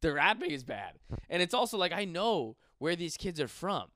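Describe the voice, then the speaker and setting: A young man from western New York riffs in a loose, profane stand-up rant. His voice sits a bit high and bounces around with lively pitch swings. The sound is dry and close. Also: moderate pace, no echo. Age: 20s. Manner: profane, rambling, animated. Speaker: stand-up comedian. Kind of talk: casual podcast rant.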